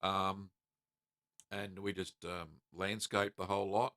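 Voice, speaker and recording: A middle-aged Australian man from South Australia hosting a live cheese-making Q&A, reading out viewer comments in a relaxed, friendly way with many ums and uhs. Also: low-pitched, vocal fry, no room sound, clean studio sound. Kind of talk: casual live-stream chat reading comments.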